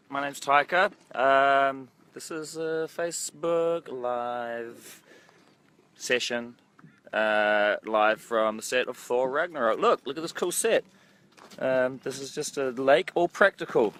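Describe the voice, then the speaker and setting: A film director hosts a casual walking livestream on an outdoor set by a lake, holding his phone at arm's length. His medium-pitched voice is expressive, slow, pushed, and bright, and the low-quality recording picks up set noise behind him. He rambles, makes self-mocking jokes, and says "um" a lot.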